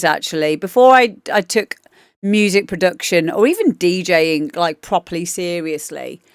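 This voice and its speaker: A woman's voice: medium pitch, smooth, no room sound, clean studio sound. A woman DJ hosting a livestream, chatting casually and rambling with lots of fillers as she gives feedback on demos. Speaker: DJ and livestream host.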